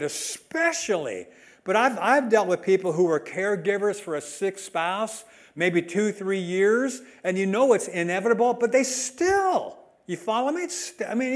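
A man preaching a sermon as a pastor, emphatic, swinging between loud and soft delivery. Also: high voice.

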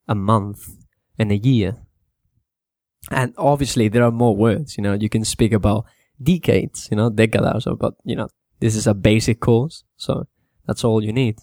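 A man teaching English to Spanish speakers in a casual spoken lesson, repeating words slowly to show how they sound. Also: on the low side, no echo, clean studio sound. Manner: relaxed, repeats words slowly to model pronunciation, mixes in Spanish.

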